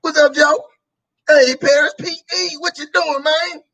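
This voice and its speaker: A man's voice: very high voice, fairly even intonation, unhurried, gravelly, sharp tone, pitched above the performer's own voice, exaggerated voice. A man voicing a laid-back man greeting his buddies in loose, easygoing slang. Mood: breezy.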